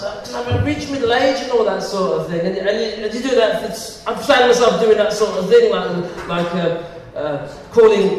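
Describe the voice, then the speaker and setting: A man's voice: sits high, background noise. A man in his forties with a Birmingham accent doing live stand-up, rambling with stumbling restarts and laughing at his own jokes. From Birmingham, England. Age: 40s. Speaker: stand-up comedian. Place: comedy venue hall with a live audience. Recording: echoey hall from far off, audience laughter.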